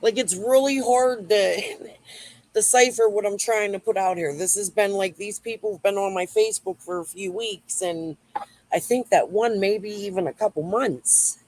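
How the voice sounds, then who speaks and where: This is a YouTube streamer's profane, rambling rant as she responds to chat messages. Her mid-range voice has a darkish tone and a moderate pace, captured in a dry, poor-quality recording.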